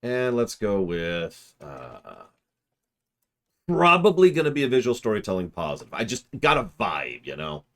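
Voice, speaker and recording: A man's voice: medium pitch, very animated, moderate pace, few pauses. A man streaming a game and chatting with his viewers, rambling as he works through puzzles aloud. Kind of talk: casual livestream commentary.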